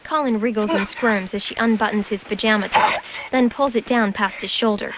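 A woman reading a scripted audio description of a film in an even, measured manner. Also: mid-range voice. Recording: narration over loud film noise.

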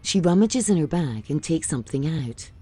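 A woman reading scripted audio description of a film, calm and even. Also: deep voice, normal speed, a little hiss or hum.

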